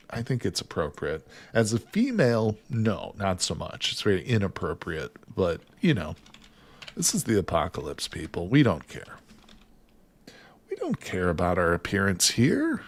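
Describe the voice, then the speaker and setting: Low-voiced joking male livestreamer. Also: a little mellow. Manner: jokey, laughs often, reads chat aloud. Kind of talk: casual livestream chat while gaming.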